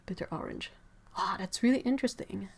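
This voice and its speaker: A young woman with a stuffy nose, hosting a casual livestream from her home art studio. She chats and giggles, reads out viewer comments, and trails off into soft asides. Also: medium pitch, lively intonation, brisk, creaky, slightly rough. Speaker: livestream host.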